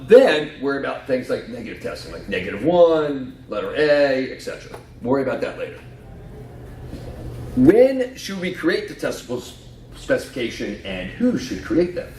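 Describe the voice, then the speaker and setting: A man's voice: mid-range voice, a little mellow. A man giving a conference talk, joking and quizzing the audience as he walks through his slides. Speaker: conference speaker. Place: conference room. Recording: echoey hall from far off, faint noise.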